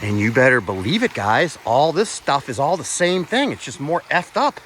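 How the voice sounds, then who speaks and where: This male vlogger, recording an outdoor walk among old bridges on a phone camera, speaks at normal speed in a mid-range, slightly bright voice with big pitch swings. He addresses viewers with amazed exclamations, the odd curse, and occasional breathlessness, while a little hiss or hum sits underneath.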